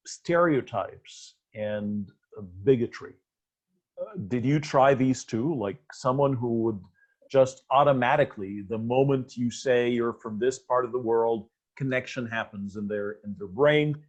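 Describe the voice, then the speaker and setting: A man hosting an interview, asking long questions with many pauses and fillers. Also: mid-range voice, lively intonation, a little mellow. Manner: hesitant, many fillers, long lists of terms. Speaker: interview host. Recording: dull lo-fi audio.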